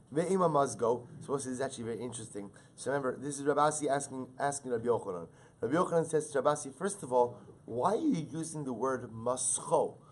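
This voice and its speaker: Rabbi, man, Talmud class teacher; animated, stressing quoted texts. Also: mid-range voice. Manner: animated, repeats words, rises loudly on Hebrew and Aramaic quotes.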